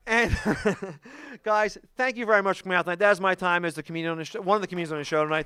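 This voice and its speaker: Punchy, high-voiced man doing stand-up. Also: steady tone, rapid-fire, pushed and bright, smooth, dry recording. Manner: punchy storytelling with frequent "okay?" asides. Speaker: stand-up comedian. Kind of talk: stand-up comedy set. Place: comedy show before a live audience.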